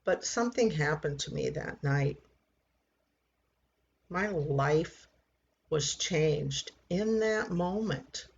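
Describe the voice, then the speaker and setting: A woman in her sixties giving an earnest personal faith testimony, halting and repeating words as she tells it. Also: low voice, expressive, vocal fry, highs cut off. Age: 60s. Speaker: church member giving testimony.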